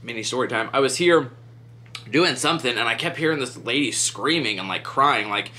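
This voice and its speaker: A man's voice: mid-range voice, expressive, fairly quick, sharp tone, a little hiss or hum. A man casually chatting through a true crime story while doing his makeup, rambling with lots of "like" and "um". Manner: rambling, heavy use of "like" and "um".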